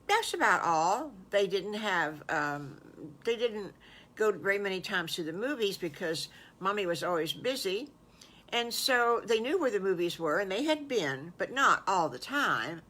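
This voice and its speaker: An older woman, a grandmother, telling an improvised children's story in a warm, folksy, exclaiming way. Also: mid-range voice.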